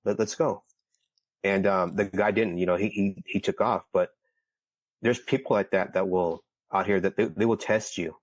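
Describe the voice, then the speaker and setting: A man's voice: deep voice, fairly even intonation, moderate pace, dry recording. A man from California, a podcast guest, telling a personal story casually, stumbling and repeating words. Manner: repeats words, heated when retelling.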